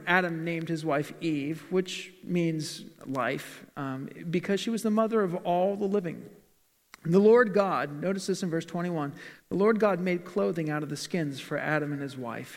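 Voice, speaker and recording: Man preaching in a reverberant hall. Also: fairly high pitch. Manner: preaching with rhetorical questions, reading scripture aloud. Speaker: pastor. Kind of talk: sermon. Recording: long reverb of a large hall.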